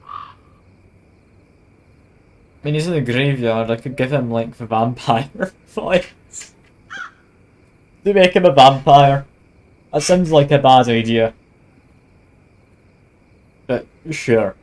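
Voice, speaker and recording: A man's voice: medium pitch, expressive, takes it slowly, long pauses, darkish tone, rough recording. A man streaming a video game, reading the on-screen text aloud and adding wry, self-mocking asides. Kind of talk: casual let's-play narration, reading game text aloud.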